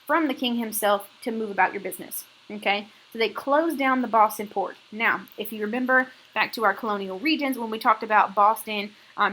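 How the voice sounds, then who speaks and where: A woman's voice: medium pitch, bright, forceful tone, rough recording. A woman teaching a history lesson in a casual, slangy way, often checking in with "okay?". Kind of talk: recorded classroom lecture.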